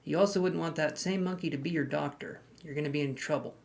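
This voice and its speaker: A man's voice: fairly high pitch, fairly even intonation, fast talker, gravelly. Jokey man chatting on a live stream. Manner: jokey, greets viewers by name and hands out queue numbers. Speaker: tarot reader hosting a live stream. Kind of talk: casual live-stream chat.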